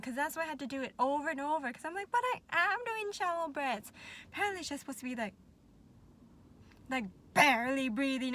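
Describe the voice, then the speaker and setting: A woman vlogging casually to her viewers, chatty and animated, laughing often and a little out of breath. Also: sits high. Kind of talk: casual talk to camera.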